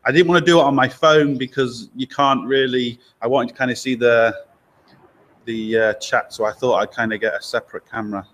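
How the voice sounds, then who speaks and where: A man's voice: mid-range voice, fairly even intonation, a bit bright. A man hosting a casual live stream from a garage workshop, chatting loosely and reading out viewer comments. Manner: loose and chatty, with fillers and quick asides. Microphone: laptop or camera mic held by a helper.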